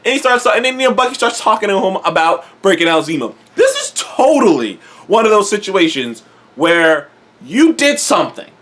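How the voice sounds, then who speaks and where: A man's voice: high voice, big pitch swings, normal speed, a bit bright. A young man casually reviewing a TV episode, rambling and swearing freely. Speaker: TV show reviewer.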